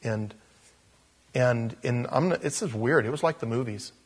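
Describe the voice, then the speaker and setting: A man, a pastor, telling a story during a casual, animated sermon in a church. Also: medium pitch, normal speed, breathy edge.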